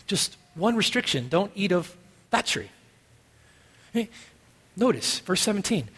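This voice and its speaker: A man preaching a sermon as pastor, emphatic, moving from quiet musing to loud stressed phrases. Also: high-pitched, very animated, unhurried, pauses often, husky. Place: church sanctuary. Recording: long reverb of a church hall.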